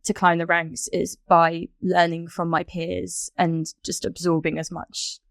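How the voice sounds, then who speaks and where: A woman's voice: on the low side, monotone, a little slow, vocal fry, fairly bright tone, no room sound, clean studio sound. A young adult woman, a rowing coxswain, answering interview questions in a reflective, chatty way and laughing easily. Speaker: podcast guest, rowing coxswain.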